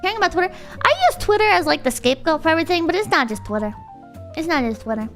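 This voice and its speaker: A woman's voice: very high voice, animated, racing, soft background music. A young woman streamer chatting casually and ranting, swearing and mock-quoting people. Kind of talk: casual livestream chat.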